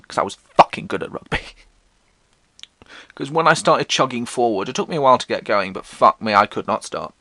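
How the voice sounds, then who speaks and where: Young English man, posh accent, sardonic sweary vlogger; bright voice, very animated pitch. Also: brisk, no echo. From England. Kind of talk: casual storytelling monologue.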